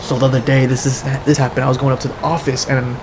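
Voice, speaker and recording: A man's voice: mid-range voice, flat delivery, fast, creaky, noisy background. A man chatting casually over gameplay, telling a story in a rambling, profane way with lots of restarts. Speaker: gaming streamer. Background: game music.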